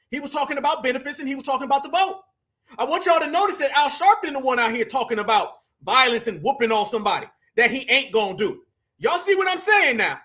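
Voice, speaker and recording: A man giving heated, profane reaction commentary and often shouting. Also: very high voice. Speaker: political commentator reacting to clips.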